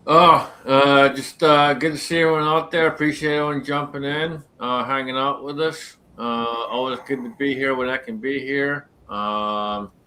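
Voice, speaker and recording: A man's voice: medium pitch, steady tone, normal speed, hardly any pauses, bright, forceful tone. A man on a live stream talking bluntly and frankly, with casual swearing. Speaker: co-host of a shooting livestream.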